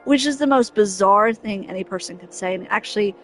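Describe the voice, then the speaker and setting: This game streamer is a woman with a brisk, fairly bright mid-range voice, with faint music behind her. She chats casually while venting, exasperated and emphatic, repeating the same point again and again.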